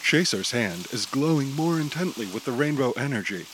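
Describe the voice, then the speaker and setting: A man narrating an audio drama in a steady, descriptive storytelling manner. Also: medium pitch, moderate pace, a loud crowd, poor audio.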